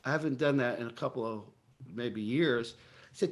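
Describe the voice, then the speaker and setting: A middle-aged man with a New York accent, telling stories in an interview and acting out his own past dialogue with lively energy. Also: mid-range voice, brisk. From Brooklyn, New York. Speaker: guest. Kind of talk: storytelling in a casual interview.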